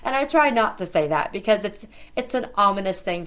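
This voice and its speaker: A woman's voice: mid-range voice, animated, a little fast, a bit bright. A middle-aged woman hosting a podcast, telling a personal story in a conversational way and bringing the dialogue to life as she retells it. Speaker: podcast host.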